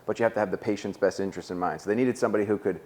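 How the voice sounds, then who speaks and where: A man's voice: lowish voice, darkish tone. A young man telling his story in casual chat, swearing freely and acting out what others said. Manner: fast, profane storytelling, acts out quotes. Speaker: coach and podcast guest.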